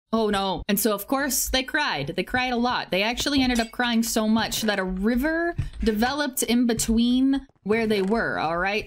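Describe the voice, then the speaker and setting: A woman's voice: fairly high pitch, a little hiss or hum. A woman casually retelling a legend while playing a game, rambling and chatty with lots of filler words and sudden reactions to the game. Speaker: gaming video creator.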